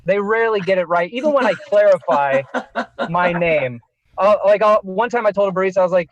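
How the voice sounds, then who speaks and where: A man's voice: high voice, fast talker, dull audio, slight background noise. A man performing a self-deprecating stand-up set, laughing at his own story now and then. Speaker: stand-up comedian.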